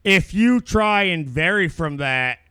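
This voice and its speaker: This is a man co-hosting a loose podcast chat. His voice sits a little high and sounds bright and crisp, and the recording is dry and close. He talks in a profane, rambling way, stumbling over restarts as he goes. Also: lively intonation, takes it slowly, no room sound. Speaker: podcast co-host. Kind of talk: casual chat.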